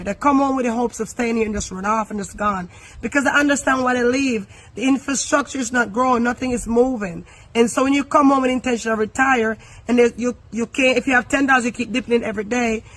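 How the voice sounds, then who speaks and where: A woman from Jamaica, a business owner, speaking earnestly and haltingly about her country's troubles. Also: a little high, fairly bright tone. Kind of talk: impassioned interview remarks.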